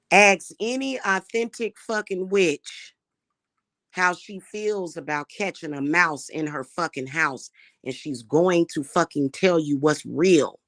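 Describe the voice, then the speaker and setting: A woman's voice: deep voice, dry recording. Woman, casual profane rant to camera, dry close recording. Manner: brash, profane, animated. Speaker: spiritual reader and vlogger.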